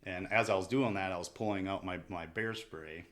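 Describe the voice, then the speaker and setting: A man telling his story as a podcast guest, in a relaxed, halting way with frequent restarts. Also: deep voice. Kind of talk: casual storytelling.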